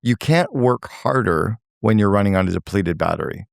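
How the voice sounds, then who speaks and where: A man's voice: lowish voice, animated, normal speed, vocal fry, no room sound, studio quality. An older man giving blunt, emphatic advice as a guest in a podcast interview, swearing for emphasis.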